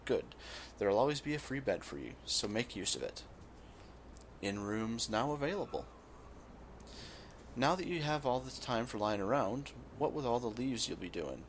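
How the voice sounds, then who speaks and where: A man voicing a gruff, blustering old male guild boss, reading game dialogue aloud. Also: medium pitch, lively intonation, moderate pace, a little hiss or hum, close to an everyday voice. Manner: reads in a rough dockside voice, drops it partway.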